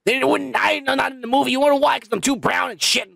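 Crude, tipsy man with a gravelly voice. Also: very high-pitched, fairly even intonation, quick pace, fairly bright tone. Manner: crude, rambling, swears a lot. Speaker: podcast host. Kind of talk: casual drunk banter.

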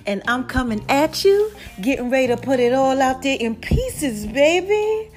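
A high-pitched woman from South Jersey hosts her own show in a loose, chatty monologue. She is playful and sassy, and she swoops up and down as she talks. Faint music plays behind her. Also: big pitch swings, unhurried. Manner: playful, sassy, calls listeners "y'all" and "babies", refers to herself as Mama. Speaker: podcast host. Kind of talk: casual podcast monologue.

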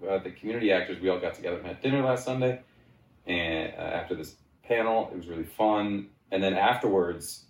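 Rambling man in his forties, roomy echo. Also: a little fast. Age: 40s. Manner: rambling storyteller, jumps into high excited voices when quoting himself. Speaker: guest. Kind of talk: casual chat.

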